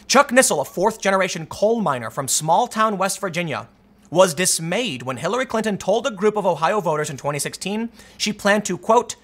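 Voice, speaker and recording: A man giving solo political commentary, reading news quotes aloud and reacting, getting animated and repeating words when fired up. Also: sits high.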